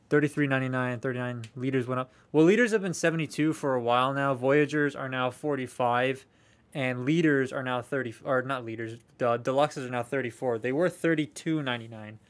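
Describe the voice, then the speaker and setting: A man's voice: medium pitch, brisk. A young man chatting casually on a live stream while unboxing collectible toys, rambling, swearing freely and answering viewer comments.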